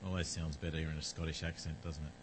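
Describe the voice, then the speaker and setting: A man's voice: very deep voice, flat delivery, quick pace, slight background noise, low-quality recording. A man preaching a sermon and leading a prayer in church, chatty and full of rhetorical questions to the congregation.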